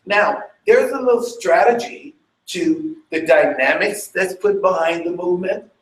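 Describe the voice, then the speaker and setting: With a high-pitched, slightly slow voice, a male dance fitness instructor leads a workshop, chatting away, checking on listeners and energetically vocalizing beats and sounds. The recording is echoey.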